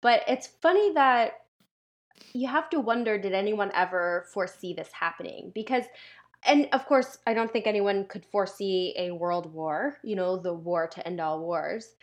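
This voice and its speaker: A woman's voice: mid-range voice, normal speed. Woman podcast co-host, curious reactive listener, thinks aloud. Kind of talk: casual history podcast chat.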